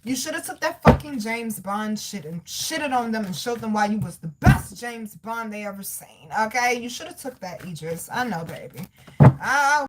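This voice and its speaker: A woman's voice: medium pitch, background noise. A woman, chatting casually and animatedly as a tarot reader talking straight to her viewers. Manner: animated, loud laughs, swearing, addresses viewers as y'all and baby. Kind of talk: casual livestream chat.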